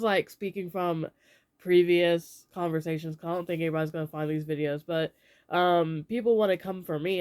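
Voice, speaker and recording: Smooth-voiced young adult ranting opinions. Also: mid-range voice. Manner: rambling and opinionated, many fillers. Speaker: vlogger. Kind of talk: casual opinion vlog.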